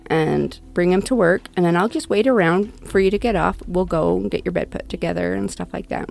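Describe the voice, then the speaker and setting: A woman with a low, gravelly voice tells a painful personal story in an interview. She talks haltingly and restarts often, and her pitch jumps up whenever she quotes what others said. Soft music runs faintly underneath. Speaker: interview guest, bereaved mother. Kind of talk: personal account in conversation.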